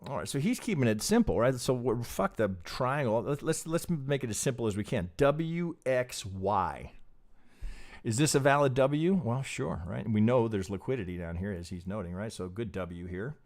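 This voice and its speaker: A middle-aged man hosting a trading stream, talking over charts in a casual, profane, animated way. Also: medium pitch. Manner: profane, animated, mimics clueless traders in quick asides. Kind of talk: casual live chart commentary.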